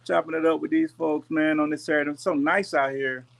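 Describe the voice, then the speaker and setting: A man hosting a gardening channel, chatting casually and directly with viewers on a live stream in a relaxed, folksy way. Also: fairly high pitch, fairly quick, gravelly. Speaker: YouTube gardening channel host. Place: rented house with pool and jacuzzi. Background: pool and jacuzzi noise.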